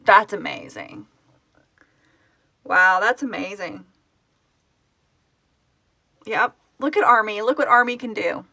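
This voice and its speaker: Middle-aged woman on a phone live stream, bright sharp voice, dry sound, teary and emotional reading out comments. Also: medium pitch, expressive, slow pace, creaky, long pauses, dry recording. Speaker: founder hosting a live stream. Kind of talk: casual live-stream chat.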